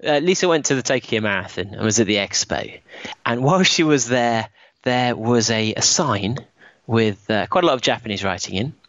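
A man's voice: mid-range voice, animated, moderate pace, fairly bright tone, dry recording. Joking man, dull dry sound. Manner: joking, playful banter. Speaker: podcast co-host. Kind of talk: casual chat.

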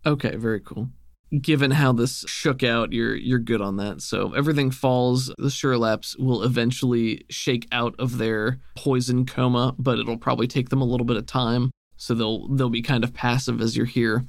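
A man narrating a tabletop game as game master in a relaxed, descriptive way with many fillers. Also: medium pitch, normal speed, vocal fry, no echo, studio quality.

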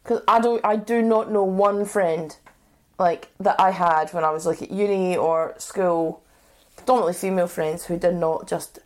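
A woman's voice: on the low side, steady tone, moderate pace. A woman co-hosting a podcast in casual chat, blunt and sarcastic, laughing often. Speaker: podcast co-host.

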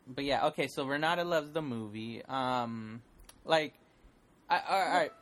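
A man's voice: medium pitch, measured pace, a bit bright. A man co-hosting a movie podcast, teasing his co-host and rambling with many fillers. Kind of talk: casual movie podcast chat.

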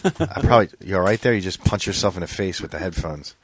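A man's voice: low-pitched, lively intonation, fast, slightly rough. Profane, rambling man podcast host. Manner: profane and rambling, with many restarts. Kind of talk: casual chat.

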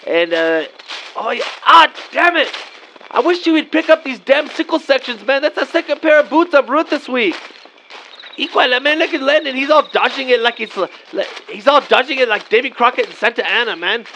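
A man's voice: very high-pitched, lively intonation, brisk, few pauses, bright, forceful tone, a little hiss or hum, full character voice, poor audio. A man playing a laid-back guy, rambling in slangy drawled talk full of "man" and "vato". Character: laid-back Mexican-American guy trick-or-treating with buddies.

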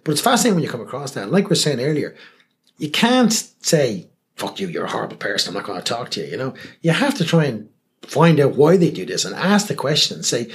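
Guy telling stories fast, voice jumps all over, does little voices for people. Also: medium pitch. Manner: animated storyteller, acts out quoted people, swears freely. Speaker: guest, television presenter. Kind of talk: casual anecdotal interview talk.

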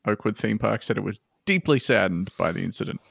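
A man with an Australian accent hosting a comedy podcast, reading news items in a deadpan, jokey way with quick asides. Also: on the low side, creaky, slightly rough, dry recording, clean studio sound. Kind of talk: casual comedic podcast banter.

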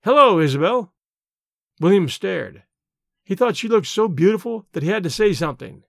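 A man narrates a story in a measured, expressive reading voice. His pitch sits high and moves freely, and the recording is close and dry with no room sound. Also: vocal fry, no echo.

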